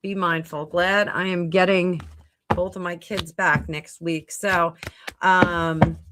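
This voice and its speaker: A woman's voice: on the low side, little pitch movement, slow pace, a bit bright, a little hiss or hum. Rambling woman psychic on a livestream. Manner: rambling, thinks aloud with many fillers and restarts. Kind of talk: casual livestream chat answering viewer comments. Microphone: computer mic at a home livestream.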